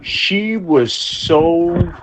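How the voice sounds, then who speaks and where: A man's voice: fairly high pitch, lively intonation, very slow, background noise. A man co-hosting a podcast, telling rambling anecdotes in casual chat, swearing heavily and acting out what people said. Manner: rambling anecdotes, heavy swearing, acts out quotes. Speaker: podcast co-host.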